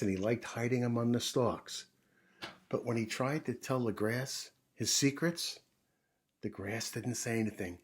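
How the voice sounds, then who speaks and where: A man reading a children's picture book aloud in a gentle storytime manner, pausing to explain things to young listeners. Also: medium pitch, husky.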